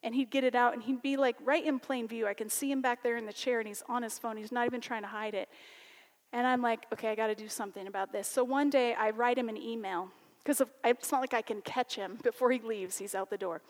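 A woman teacher telling a personal story in a sermon, animated and conversational. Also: on the high side, fairly quick, in a large hall. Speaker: college teacher and speaker.

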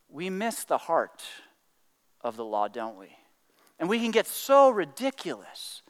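Man preaching a sermon, high clear voice, animated, acts out excuses, long hall reverb. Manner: animated, acts out excuses in little voices, drops to quiet emphasis. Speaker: pastor.

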